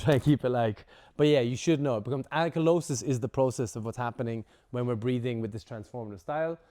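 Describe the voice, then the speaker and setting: A man teaching a breathwork workshop to a group, casual and lively, swearing now and then and acting out examples. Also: mid-range voice. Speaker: breathwork instructor.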